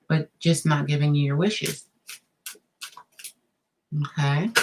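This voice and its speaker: Speaking in a low voice over a low-quality recording with slight background noise, the woman reads tarot live for her viewer. She thinks aloud, and each card she turns draws an expressive gasp or laugh.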